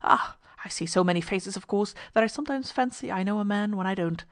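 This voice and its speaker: A woman's voice: mid-range voice, fairly quick, no echo, clean studio sound, lightly acted. A woman reading a story aloud, voicing an urbane, formal ship's purser who keeps saying sir. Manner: polite, formal, often says sir. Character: urbane, fussy middle-aged male ship's purser.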